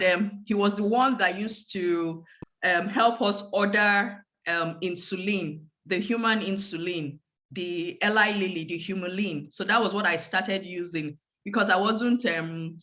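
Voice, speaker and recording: A woman's voice: fairly low pitch, measured pace, pushed and bright. A woman giving a guest talk on a video call, telling a personal story vividly and acting out the dialogue. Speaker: guest speaker.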